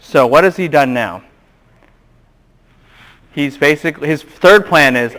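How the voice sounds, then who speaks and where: A man giving a classroom Bible lecture, animated and quizzing the students with questions. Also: fairly high pitch, slow pace, long pauses.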